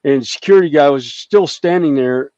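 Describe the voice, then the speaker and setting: A man's voice: a little high, moderate pace, a little mellow, no echo. A man rambling through a casual anecdote on a group video call, with lots of fillers and restarts. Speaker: hobby group member. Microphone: video call microphone. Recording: dull, dry video-call audio.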